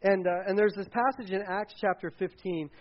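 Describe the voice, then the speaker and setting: High-voiced casual male pastor. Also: steady tone, moderate pace, lo-fi sound. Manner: conversational, many fillers and restarts. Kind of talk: casual sermon.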